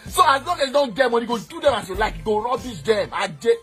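A man with a Nigerian accent, mixing Pidgin and Yoruba, ranting loudly and boastfully, now and then shouting or slipping into a sing-song. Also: very high-pitched, sing-song, fast talker, soft background music. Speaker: eyewitness in a played clip. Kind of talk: heated rant.

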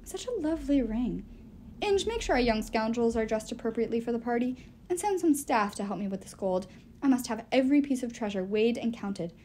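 A woman's voice: fairly high pitch, animated, fairly quick, dark tone, slight background noise, lightly acted. A woman voicing a pompous, greedy elderly male elf lord who talks in a haughty, commanding way. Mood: gloating.

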